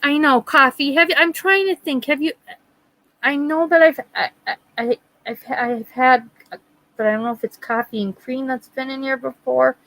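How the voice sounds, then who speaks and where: A middle-aged woman hosts a live stream, chatting casually with viewers while telling a rambling story, acting out quotes and laughing often. Her high, sharp voice keeps a fairly even intonation at a moderate pace, recorded in low quality with no room sound.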